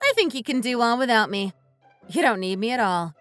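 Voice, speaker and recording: A woman's voice: a little high, sing-song, fairly quick, a bit bright, faint music behind. A woman voicing a resentful wife fed up with her husband, speaking in a bitter, accusing way. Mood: cold. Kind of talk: scripted dialogue drama.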